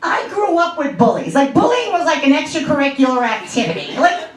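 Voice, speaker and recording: A woman's voice: sits high, sing-song, fairly quick. A woman in her fifties from Long Island doing a stand-up comedy set, brash and profane, telling stories in a conversational way. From Long Island, New York. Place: comedy club stage. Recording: echoey club from a distant mic.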